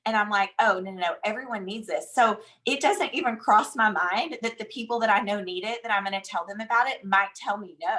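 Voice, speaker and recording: A woman in her thirties with a Southern drawl, telling an animated, chatty motivational story as a guest speaker. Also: medium pitch, brisk, few pauses, poor audio. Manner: animated, chatty, says "y'all" and "like" often.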